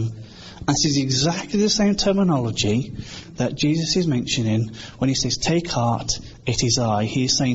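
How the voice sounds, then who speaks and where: A man's voice: mid-range voice, lively intonation, normal speed, few pauses, a little mellow. A British man preaches in an earnest, conversational way, acting out the voices he quotes. His recording sounds a little dull, with a faint hiss behind him. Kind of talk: informal sermon.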